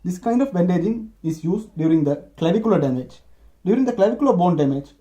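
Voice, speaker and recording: A man explaining how to bandage a clavicle injury, halting and often restarting his sentences. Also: sits high, warm tone. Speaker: medical student demonstrating first aid. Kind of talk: unscripted explanation.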